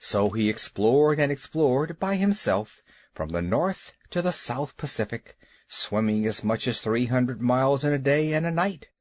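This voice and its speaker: Male audiobook narrator, lively expressive reading, dry close studio sound. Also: medium pitch, a little slow, no echo. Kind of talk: scripted storybook narration.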